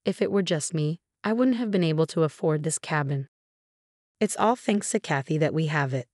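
A woman's voice: deep voice, animated, normal speed, a little mellow, no room sound, clean studio sound. Offhand husband, as a woman reads him. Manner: casual, dismissive. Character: adult husband, casual and secretive.

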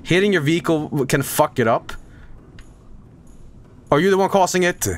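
Streaming a video game live, a man gives gameplay commentary to his chat in a casual, excitable way, swearing often and bursting into loud repeated exclamations. His voice sits on the high side at a normal speed.

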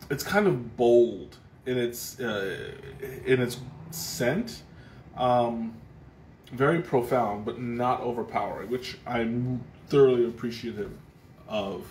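Casting: easygoing male stream host, mid pitch, talks in loose rambling restarts, echoey room with faint hiss. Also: slow pace, a little mellow. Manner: rambling, thoughtful, frequent restarts and fillers. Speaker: livestream tea taster. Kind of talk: casual live tasting chat. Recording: roomy echo, faint background noise.

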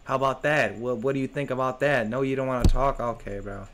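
A man's voice: medium pitch, fairly even intonation, a little fast, very noisy. A man commentating a horror game let's play, joking and talking back to the characters on screen. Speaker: gaming streamer.

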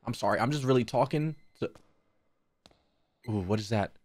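A man's voice: medium pitch, moderate pace, dry recording. A young man streaming a horror game, cracking crude jokes to his chat and muttering nervously to himself. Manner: jokey, profane, talks to chat. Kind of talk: live gaming commentary.

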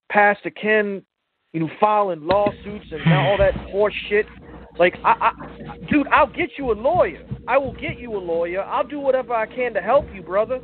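A man calling in to a talk show, emotional and earnest, stammering and restarting as he keeps calling the host brother. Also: high voice. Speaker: caller to a call-in show. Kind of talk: heartfelt call-in plea. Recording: tinny phone line.

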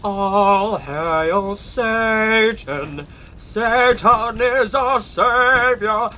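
A man voicing a slow, mock-solemn male Satan worshipper who draws out every word in a chant. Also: high voice, pushed and bright, pitched above the performer's own voice. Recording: noisy home recording.

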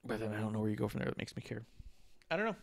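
A man's voice: on the low side, sing-song, rapid-fire, creaky, dry recording. A man co-hosting a podcast, rambling in casual chat, swearing freely and chuckling. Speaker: podcast co-host.

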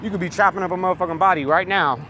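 Man, rambling monologue, profane and emphatic, slightly high voice, loud traffic noise behind. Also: rapid-fire. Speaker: vlogger. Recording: loud street and vehicle noise.

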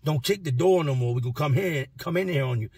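A man's voice: on the high side, fast, a little mellow, breathy edge, no room sound, studio quality, distant mic. A man doing a curt, fed-up prison guard. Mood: dismissive. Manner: curt, dismissive.

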